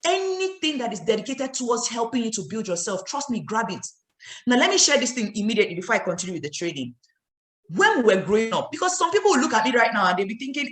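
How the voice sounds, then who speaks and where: A woman's voice: on the high side, sing-song, fast, fairly bright tone, reverberant. A woman with a Nigerian accent giving an emphatic motivational training talk as a network marketing trainer, scolding her listeners with rhetorical questions.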